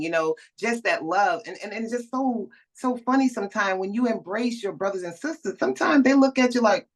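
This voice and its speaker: A woman filmmaker talking as a guest in a casual conversation, warm and affirming, often agreeing with the host. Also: mid-range voice, animated, fairly quick, few pauses, poor audio.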